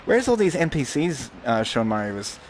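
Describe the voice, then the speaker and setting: A man's voice: medium pitch, sing-song, normal speed. A male game streamer talks casually over his VR play in a rambling, crude, joking delivery. His voice sits in an ordinary middle register. A faint hum of traffic is audible behind him.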